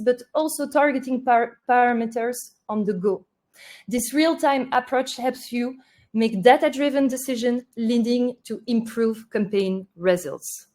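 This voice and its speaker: A woman presenting a marketing webinar, delivering points in a steady, list-like way. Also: on the high side. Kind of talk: presenting a webinar, partly read.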